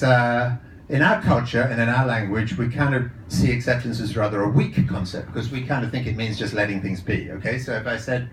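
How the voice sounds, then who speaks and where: A man with a fairly low voice speaks to a live audience about his ideas as a coach, telling stories in a chatty, rambling way full of uhs and restarts. His voice carries a roomy echo, heard from some distance off the mic, with faint noise behind. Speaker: psychologist and coach giving a talk. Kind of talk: live talk to an audience with anecdotes. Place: event room with a live audience. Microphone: handheld or lapel mic.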